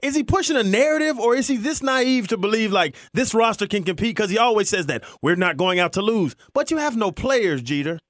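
A man co-hosting a sports radio show, asking quick probing questions. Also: high voice, expressive, fairly bright tone, no room sound, studio quality. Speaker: radio co-host.

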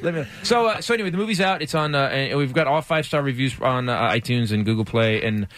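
A man who is a stand-up comedian, telling anecdotes as a guest in an animated way and often laughing mid-sentence. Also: mid-range voice, no echo. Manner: animated, fast, laughs while telling stories. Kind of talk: casual storytelling interview.

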